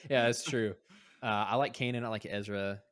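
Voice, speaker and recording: Male podcast host, low voice, teasing, casual. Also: steady tone, moderate pace, a bit bright, no room sound, clean studio sound. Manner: teasing, steers the show. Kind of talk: casual chat.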